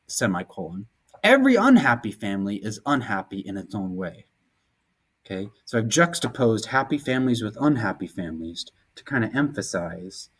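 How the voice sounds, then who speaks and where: Guy teacher walking thru slides, casual and chatty, keeps checking in with quick okays. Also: medium pitch, fairly bright tone. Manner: conversational, explains terms with casual asides and quick rhetorical checks. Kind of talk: recorded classroom lecture over slides.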